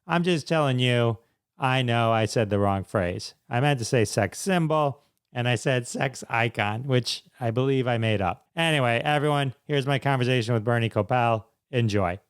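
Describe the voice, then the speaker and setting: Upbeat male podcast host, smooth voice. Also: medium pitch, normal speed, no echo, studio quality. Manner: upbeat, enthusiastic. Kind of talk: podcast intro and interview.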